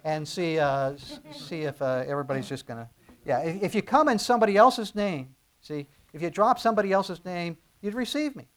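A man's voice: on the high side, lively intonation, brisk. Emphatic middle-aged male preacher. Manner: conversational, with emphatic bursts and restarts. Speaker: pastor. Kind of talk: sermon.

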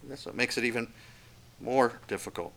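Earnest, bright-voiced preaching man. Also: mid-range voice, moderate pace, creaky. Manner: earnest, emphatic, acts out quoted voices. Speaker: pastor. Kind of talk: expository sermon.

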